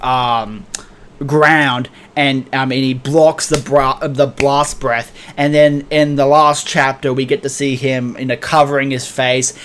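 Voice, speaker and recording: A young man recapping a comic chapter casually, excitable and profane, thick with fillers and laughter. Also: mid-range voice. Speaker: manga reviewer.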